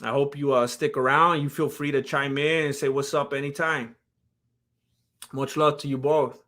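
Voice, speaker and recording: Bright-voiced streamer, heartfelt and rambling. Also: male voice, mid-range voice, fairly even intonation, normal speed. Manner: heartfelt, rambling, talks straight to chat. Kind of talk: casual live-stream chat.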